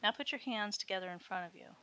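A woman voicing a friendly young college woman who speaks in a soft, reassuring way. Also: mid-range voice, fast talker, smooth, close to an everyday voice. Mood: coaxing.

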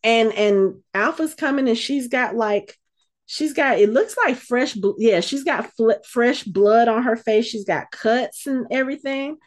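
A woman co-hosting a casual podcast, retelling a show's episode with lively acted-out quotes. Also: a little high, unhurried. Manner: animated storyteller, acts out quotes. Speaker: podcast co-host.

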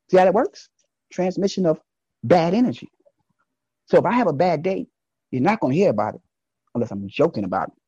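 A man delivering a casual, preachy monologue straight at his listeners, swinging between loud emphatic bursts and low asides. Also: husky, no echo, highs cut off. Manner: preachy, speaks to listeners directly.

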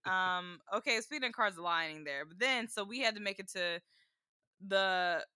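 A woman's voice: medium pitch, normal speed, sharp tone, smooth, no room sound, studio quality. A woman co-hosting a casual chat, telling a story with lots of "like" and loose, chatty phrasing. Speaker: podcast co-host, bride.

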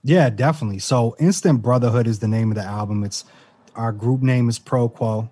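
A man, a rapper, calmly and earnestly telling the story of his group's album. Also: mid-range voice, brisk, dry recording. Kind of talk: casual interview.

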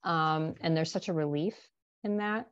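Woman on a muffled dry video call, lowish voice, hesitant, keeps restarting. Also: normal speed, smooth, no echo. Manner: hesitant, restarts, speeds up in bursts. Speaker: panel guest. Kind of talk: casual chat. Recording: dry, dull lo-fi call audio.

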